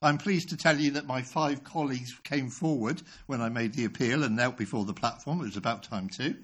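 A man in his sixties preaching a sermon, telling a story with animated delivery and self-deprecating humor. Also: medium pitch, brisk, slightly rough.

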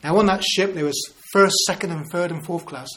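Male preacher, 50s, earnest sermon delivery with rhetorical questions, slightly higher voice. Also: fairly quick, a bit bright, a little hiss or hum. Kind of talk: evangelistic sermon.

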